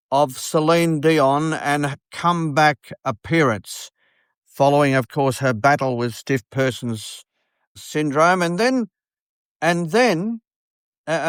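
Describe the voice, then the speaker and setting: A man, a radio host telling a story in an earnest, unhurried way, with many fillers. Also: on the high side, no echo, studio quality. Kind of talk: storytelling monologue.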